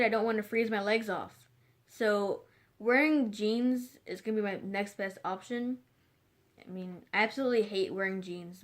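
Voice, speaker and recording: A teenage girl chatting casually to the camera in a rambling way, full of fillers and restarts. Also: mid-range voice. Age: teens. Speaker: vlogger.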